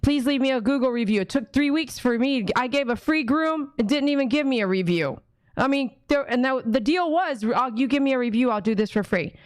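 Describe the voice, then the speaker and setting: A woman's voice: sits high, lively intonation, brisk, no echo. A woman dog groomer hosting a casual livestream, chatty and rambling, often acting out conversations.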